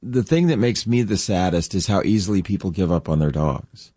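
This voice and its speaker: A man who counsels dog owners, relaxed and explaining as a guest, acting out the voices of dogs and owners. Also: low voice, brisk, no room sound, studio quality.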